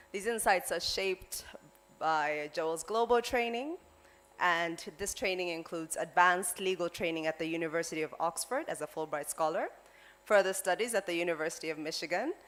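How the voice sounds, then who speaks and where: A woman's voice: fairly low pitch, fairly bright tone. A woman from Uganda hosting an event, teasing the speakers playfully. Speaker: emcee.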